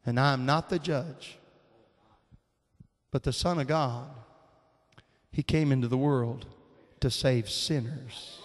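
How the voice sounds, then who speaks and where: A man's voice: medium pitch, takes it slowly, long pauses. A man in his fifties preaching a sermon in a folksy, fervent style, telling stories and calling out amens. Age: 50s. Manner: folksy Southern preaching, rising to fervent shouts. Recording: long hall reverb.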